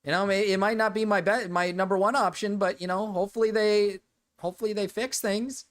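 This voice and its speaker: Woman streamer, loose profane rambling reactions, middle pitch. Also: steady tone, a little fast. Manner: rambling and profane, with frequent laughter. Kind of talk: casual reaction commentary.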